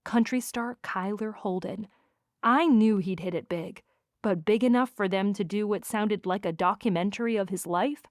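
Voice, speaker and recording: Expressive woman narrating a romance audiobook. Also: mid-range voice, normal speed, no room sound, clean studio sound. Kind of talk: first-person romance narration.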